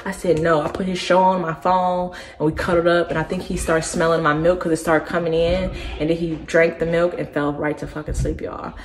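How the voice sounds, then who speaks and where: A young woman vlogger telling a personal story in a casual, animated way. She keeps addressing her listeners directly. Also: on the low side, fairly quick, few pauses. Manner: acts out other people's words as she tells it.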